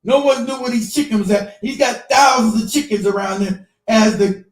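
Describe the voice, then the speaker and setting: High-voiced man ranting on a live stream. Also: moderate pace, reverberant. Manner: profane, animated storytelling. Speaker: live-stream show host.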